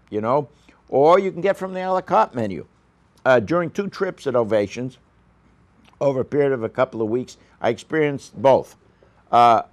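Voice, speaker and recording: A man's voice: medium pitch, a little mellow. A man giving a casual, rambling restaurant review on a local news show, full of fillers and asides. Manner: rambling, with frequent fillers and coughs.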